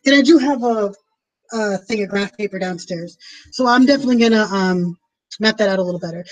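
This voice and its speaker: A woman's voice: mid-range voice, fairly quick, highs cut off. A woman streaming from her home, chatting casually and rambling with lots of fillers as she plans a tabletop game. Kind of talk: casual chat to viewers.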